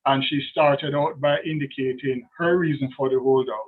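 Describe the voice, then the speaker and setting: This man, acting as defence counsel, offers deferential, formal arguments before appeal judges and hesitates often. His voice is mid-range and steady at an ordinary pace, transmitted through a tinny phone-like line.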